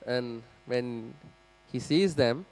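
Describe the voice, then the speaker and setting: In a temple hall, a man gives a scripture class, telling a story animatedly, speaking straight to his audience and acting out the characters. His voice is medium-pitched and he speaks very slowly.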